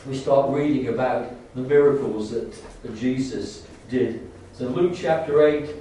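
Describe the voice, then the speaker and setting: A man's voice: medium pitch, warm tone, a little hiss or hum. Echoey distant man preaching. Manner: halting, full of restarts and fillers, rising to fervent emphasis. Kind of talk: sermon. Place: church. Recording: echoey church hall, distant mic.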